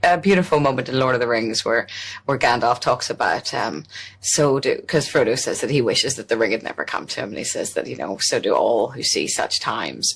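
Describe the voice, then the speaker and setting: A man's voice: mid-range voice, creaky, a bit bright, breathy edge. A man in an interview speaking in a reflective way.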